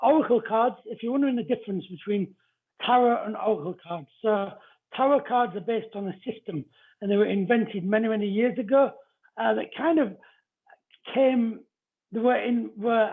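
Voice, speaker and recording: A high, husky man hosts a live-stream card reading, breaking off to greet viewers by name. His voice comes through thin and narrow, as if over a phone line. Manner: chatty, greets viewers between explanations. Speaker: psychic card reader.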